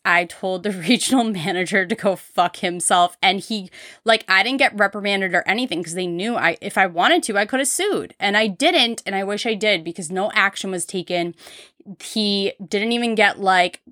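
Young woman podcaster, candid chatty storyteller, bright tone, dry studio sound. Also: medium pitch, lively intonation, normal speed, no room sound. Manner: candid, frequent "like" fillers. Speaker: podcast host. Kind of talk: casual storytelling.

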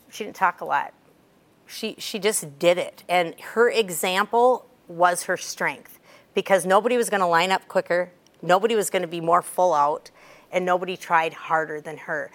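This is a middle-aged woman coaching a room of young athletes in a chatty, storytelling way. Her delivery is lively, and she leans hard on the lines she wants them to remember. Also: on the low side. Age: 50s. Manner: lively, chatty storyteller with sudden bursts of emphasis. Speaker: cheer coach. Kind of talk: coaching talk to a group of athletes.

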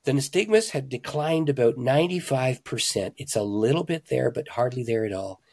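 A pastor and author tells stories conversationally in an interview, speaking in a medium-pitched voice at a moderate pace. His emphasis is animated, swinging between loud, excited lines and hushed ones.

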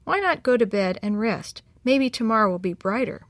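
A woman voicing an ill, tired mother who speaks softly and reassuringly in a storybook reading. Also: on the high side, animated, moderate pace, dry recording, studio quality, natural voice. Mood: gentle. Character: sick tired mother, gentle.

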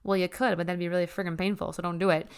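A woman's voice: on the low side, little pitch movement, rapid-fire, clean tone. A woman hosting a self-help show, talking to listeners in a bubbly, chatty monologue full of fillers and asides. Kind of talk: casual motivational monologue.

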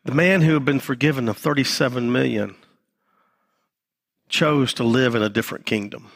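Pastor dropping low and quiet to make his points. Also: normal speed, creaky. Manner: repeats phrases, drops to a low quiet voice for emphasis. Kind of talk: sermon. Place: church.

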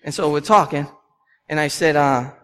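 A man's voice: a little high, normal speed, fairly bright tone. A man, preaching a sermon with passion and repeating lines for emphasis. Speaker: pastor. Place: church. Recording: long hall reverb.

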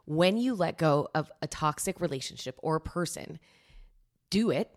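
A woman co-hosting a podcast, talking in a reflective, steady, supportive way. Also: sits low, moderate pace. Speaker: podcast co-host. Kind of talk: candid podcast chat.

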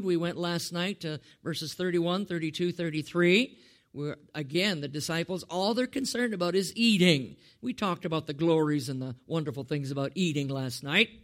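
A male preacher speaks in a high, lively voice. He keeps asking the congregation rhetorical questions, chuckles often and calls on people by name. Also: normal speed. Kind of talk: sermon.

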